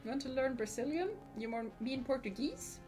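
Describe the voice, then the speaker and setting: A woman chats casually on a game stream, her voice sitting a touch high. She giggles easily between answers to her chat. Soft music plays faintly underneath. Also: lively intonation, fairly quick.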